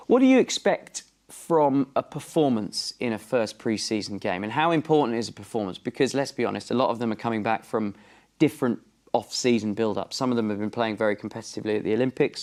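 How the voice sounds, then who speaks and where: A man's voice: lowish voice, fast, darkish tone. A man hosting a pre-match football show, chatty and jokey. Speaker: sports show host.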